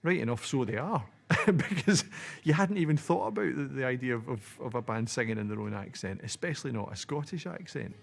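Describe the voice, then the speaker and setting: A man contributing to a documentary, reminiscing in an amused, quick way. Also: medium pitch, lively intonation, vocal fry.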